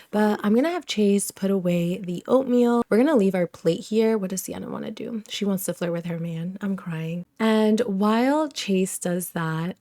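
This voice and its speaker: A woman's voice: fairly low pitch, dark tone, no echo, studio quality. A young woman casually commenting on her life-simulation game, gushing over her characters and voicing their chats. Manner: gushing, chatty, voices the characters' thoughts. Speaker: let's play host.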